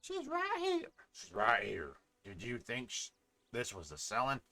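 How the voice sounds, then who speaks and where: A man's voice: mid-range voice, wildly swooping pitch, a little slow, sharp tone, full character voice. A man voicing a friendly middle-aged village fisherman, talking in a plain, homely way. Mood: warm.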